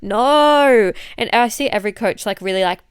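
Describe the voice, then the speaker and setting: A woman's voice: mid-range voice, fairly even intonation, fast talker, clear, resonant tone, no echo, clean studio sound. A woman with an Australian accent, a fitness coach and podcast host who is a bit unwell, talking in a blunt, chatty, swear-heavy way. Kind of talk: casual chat monologue.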